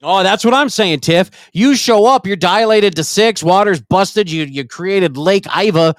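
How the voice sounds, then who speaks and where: A man's voice: high voice, measured pace, no echo. A middle-aged man co-hosting a comedy podcast, brash and profane, ranting in casual chat. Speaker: podcast co-host.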